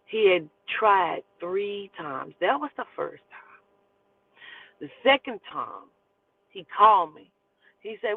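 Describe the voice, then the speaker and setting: Profane, animated woman telling a story. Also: mid-range voice, slow, vocal fry, long pauses, slightly rough, dry recording. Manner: profane, animated, acts out quotes. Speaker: storyteller host. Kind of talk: casual storytelling. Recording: tinny phone-like line, dry.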